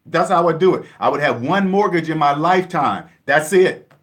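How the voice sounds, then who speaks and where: Guy from seattle area preaching about debt, fairly high voice, hammers points over and over. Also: animated, moderate pace. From Seattle area, USA. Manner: emphatic, repetitive, lecturing. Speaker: personal finance vlogger. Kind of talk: casual monologue to camera.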